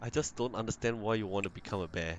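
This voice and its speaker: A man's voice: fairly low pitch, quick pace, a little hiss or hum. A man hosting a let's play, chatting playfully through casual gameplay commentary and talking to his game characters.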